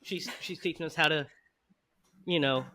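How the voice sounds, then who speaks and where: A man's voice: on the high side, fairly even intonation, moderate pace, pushed and bright. A man hosting a podcast, telling a story in casual chat with frequent laughs. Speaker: podcast host.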